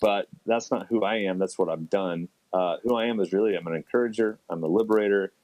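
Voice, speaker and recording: A middle-aged man with a lowish voice talks as a podcast guest, quick and animated, with sudden jumps up in pitch. The sound is dry and close. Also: no echo, low-quality recording. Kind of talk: casual interview chat.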